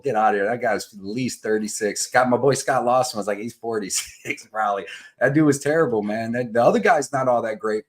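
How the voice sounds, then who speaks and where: A man hosting a live betting show, chatting loosely, joking and shouting out names from the chat. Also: mid-range voice. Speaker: podcast host.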